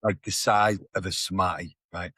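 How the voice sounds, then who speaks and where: Podcast co-host, low husky voice, quick slangy storytelling, dry close mic. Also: male voice, fairly even intonation, pushed and bright, no echo. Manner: fast, slangy, swears freely. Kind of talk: casual storytelling chat.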